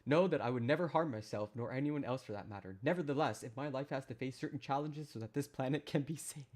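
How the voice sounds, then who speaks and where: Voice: medium pitch, fast talker, a little mellow. A live streamer reading a document aloud to their chat, adding casual self-deprecating asides.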